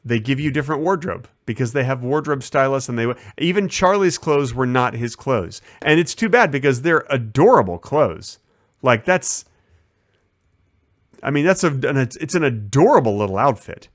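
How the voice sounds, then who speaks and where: A man's voice: medium pitch, animated, moderate pace, no room sound. Chatty man telling a story, dry sound. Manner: chatty, rambling, acts out quotes. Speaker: streaming host. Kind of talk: casual behind-the-scenes storytelling.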